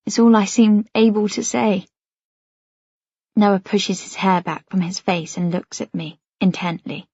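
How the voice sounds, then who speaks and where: A woman's voice: mid-range voice, little pitch movement, a little slow, creaky, dark tone, breathy edge, dry recording. A woman narrating a first-person novel as an audiobook, reading expressively and anxiously. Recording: dry, slightly dull studio sound.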